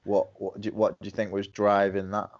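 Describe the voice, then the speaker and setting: A man's voice: on the low side, completely flat delivery, a little fast. A man hosting a podcast, asking a guest probing, thoughtful questions. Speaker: podcast host. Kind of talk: interview questions. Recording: muffled and distant.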